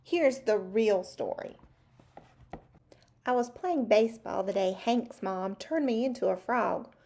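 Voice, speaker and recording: A woman's voice: medium pitch, expressive, slow, creaky, mellow, heavily acted. A woman reading a picture book aloud as a cheeky young prince turned frog, in a chatty, confiding storyteller tone.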